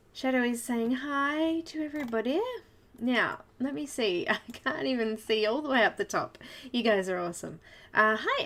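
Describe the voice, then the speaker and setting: A woman's voice: sits high, fairly bright tone. A woman with an Australian accent hosting a casual live coloring stream, chatty and giggly, greeting viewers one by one by name.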